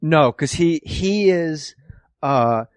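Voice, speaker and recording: A man's voice: on the high side, drawn-out words, dry recording, studio quality. A man hosting a podcast, telling a comic story full of swearing and acted-out voices. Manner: profane, animated, acts out voices. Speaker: podcast host.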